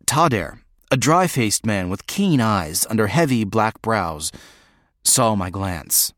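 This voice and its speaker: Brief: male audiobook reader, slow, dry close studio sound. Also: fairly low pitch, expressive, fairly bright tone, dry recording. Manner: measured, reflective. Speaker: audiobook narrator. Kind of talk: first-person audiobook narration.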